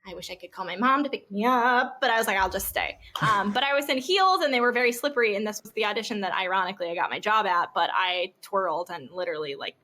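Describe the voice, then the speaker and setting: A young woman in her twenties, a podcast guest, telling stories in casual chat, bubbly and quick to laugh, with lots of "like". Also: medium pitch, sharp tone.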